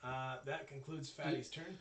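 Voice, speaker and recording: A man running a tabletop role-playing game as game master, relaxed and teasing the players between rules calls. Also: medium pitch, unhurried, echoey room, distant mic.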